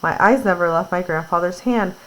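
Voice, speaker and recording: A woman's voice: lowish voice, a little fast, fairly bright tone, low-quality recording. Woman teacher, reads a book to her class and chats through it in plain words. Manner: reads aloud, then retells in casual words with fillers. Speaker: teacher reading aloud. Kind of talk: classroom read-aloud with retelling.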